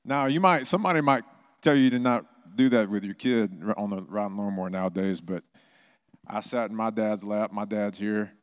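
A middle-aged man preaches in a church sanctuary, speaking in a somewhat low voice. He tells stories conversationally, with animated bursts of energy. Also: moderate pace, smooth. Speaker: pastor. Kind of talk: sermon with personal stories.

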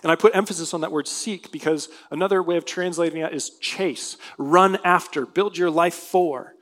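A man's voice: a little high, normal speed, fairly bright tone. A male pastor preaching a sermon, reading scripture aloud and explaining it earnestly. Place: church sanctuary.

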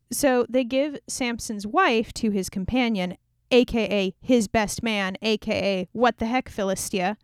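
A woman's voice: on the high side, smooth, no echo, studio quality. A young woman casually retelling an old scripture story in a chatty, irreverent way, full of sarcastic asides.

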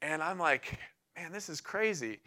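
A man's voice: fairly high pitch, animated, measured pace, bright, forceful tone. A young man giving a sermon in a casual, enthusiastic way, telling a personal story and often laughing between phrases. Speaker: preacher.

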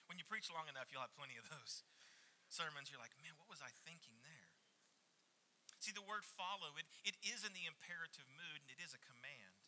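A man preaching a sermon as a pastor, dropping into hushed, near-whispered phrases and then rising again for emphasis. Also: a little high, expressive, fairly quick, slight background noise, low-quality recording.

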